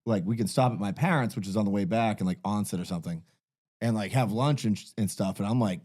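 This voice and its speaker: A man's voice: fairly low pitch, fast, a little mellow. A man telling a long, profane, rambling story as a podcast guest.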